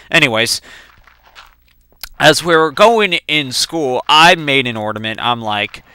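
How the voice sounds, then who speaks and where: A young man rambling through profane, animated personal anecdotes while playing a video game. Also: medium pitch, takes it slowly, clean tone, dry recording. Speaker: let's play gamer. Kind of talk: casual storytelling while gaming.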